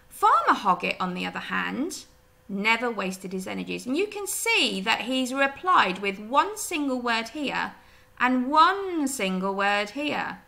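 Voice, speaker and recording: A woman teacher giving a recorded reading lesson, explaining gently and asking her pupils questions. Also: a little high, sing-song, unhurried, gravelly. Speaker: primary school teacher.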